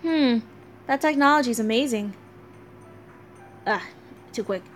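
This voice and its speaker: Host, young woman, high voice, chatty and giggly, faint music underneath. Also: a little slow. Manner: giggly, chatty, self-mocking. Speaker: gaming channel host. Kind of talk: casual let's play commentary and dialogue reading.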